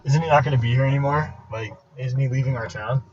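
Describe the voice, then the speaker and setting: A man's voice: medium pitch, fairly even intonation, quick pace. A young man co-hosting a casual podcast, joking and chatty, full of "like". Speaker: podcast co-host. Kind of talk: casual chat. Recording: lo-fi audio with crowd noise behind.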